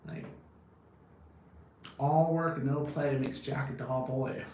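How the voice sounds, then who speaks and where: A man's voice: medium pitch, steady tone, slow pace, a little mellow. A man in his thirties chatting casually as a vlogger, blunt and profane, rambling and laughing often. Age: 30s. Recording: very echoey, distant from the mic, faint background noise.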